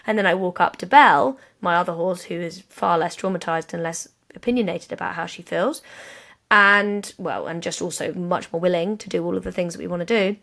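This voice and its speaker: A woman co-hosting a casual podcast chat, animated and acting out little quoted voices as she explains. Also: lowish voice, a little fast, gravelly. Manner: animated, acts out horse and people voices in quotes. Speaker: podcast co-host.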